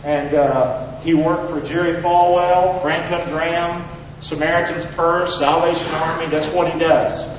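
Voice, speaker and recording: A man preaching a Father's Day sermon in a church, leading call-and-response and swinging between loud exhortation and hushed asides. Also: a little high, level tone, a little slow, few pauses, a little hiss or hum. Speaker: pastor. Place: church sanctuary. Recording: very echoey hall, distant mic, slightly dull.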